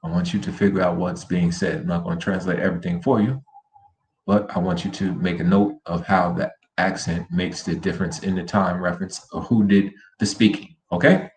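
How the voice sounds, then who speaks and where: A man teaching a Spanish lesson over a shared screen, slowly repeating words for students to copy. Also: sits low, steady tone, a little mellow, a little hiss or hum. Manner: slow, drilling words by repetition. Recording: roomy echo with faint ambience.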